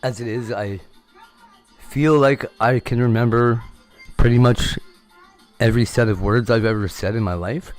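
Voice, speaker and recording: A man's voice: medium pitch, normal speed, pauses often, faint music behind. A man chatting casually on a livestream, rambling and candid, swearing freely. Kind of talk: casual chat.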